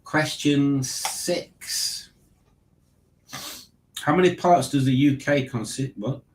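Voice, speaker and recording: A man's voice: mid-range voice, takes it slowly, reverberant, low-quality recording. A man hosting a casual online quiz, reading questions and joking about them. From Liverpool, England. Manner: wry, mocking the questions. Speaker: quiz host.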